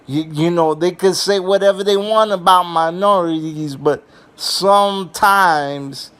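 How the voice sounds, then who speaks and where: A young man spins loose comic stories in an unhurried drawl, circling back with fillers and restarts. His voice sits a little high for a man, and he swears without a second thought. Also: fairly bright tone, smooth. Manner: rambling and profane, with many fillers and restarts. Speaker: vlogger. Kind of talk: casual comedic storytelling.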